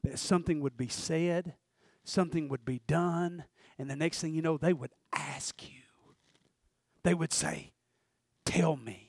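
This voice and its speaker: Man, middle-aged, folksy sermon, high voice, dry close sound. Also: unhurried, dry recording. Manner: folksy, swings from hushed to shouting. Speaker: pastor. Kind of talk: sermon with personal story. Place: church sanctuary.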